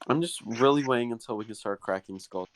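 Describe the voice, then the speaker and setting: A man's voice: mid-range voice, fast talker, no echo. A man talking casually and eagerly as a player in a tabletop game session, swearing now and then.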